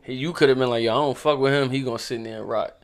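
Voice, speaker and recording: A young man speaks at a quick clip. He is emphatic and slangy, and he keeps saying "you know what I'm saying" in a casual chat. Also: medium pitch, steady tone.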